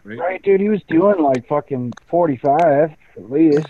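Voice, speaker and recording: A man in casual chat, telling profane, animated stories to his build team. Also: a little high, unhurried. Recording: tinny phone-like sound with faint noise.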